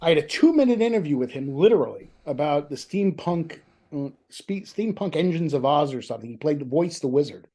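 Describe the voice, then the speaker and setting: A man being interviewed about his book over a video call, telling lively anecdotes in a chatty, self-deprecating way. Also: on the high side, brisk, hardly any pauses. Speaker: author, interview guest. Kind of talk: casual storytelling chat.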